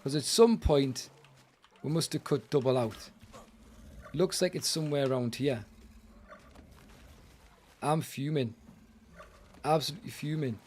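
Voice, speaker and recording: A man's voice: mid-range voice, a little slow, long pauses, darkish tone, husky. A British man streaming a game live, chatting with viewers and grumbling in exasperation. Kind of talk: live gaming commentary.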